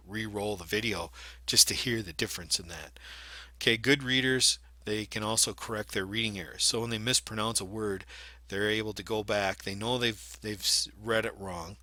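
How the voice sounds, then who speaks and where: A man's voice: fairly low pitch, sharp tone, no echo. A man explaining reading skills in an instructional video lesson, demonstrating points by reading aloud. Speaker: reading teacher.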